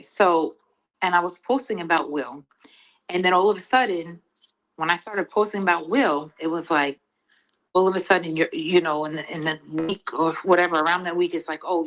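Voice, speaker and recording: A woman's voice: lowish voice, moderate pace, fairly bright tone, rough recording. A woman defending herself in a heated livestream conversation, rambling with many restarts. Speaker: guest in a livestream argument.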